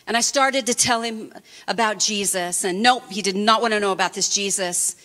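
A woman preacher telling a personal testimony in an expressive, fervent sermon style. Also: mid-range voice, moderate pace.

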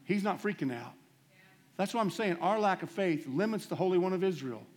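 A man preaching a storytelling sermon in a fairly high voice. He is animated and self-deprecating, jumping from loud bursts to hushed asides as he acts out each exchange. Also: brisk.

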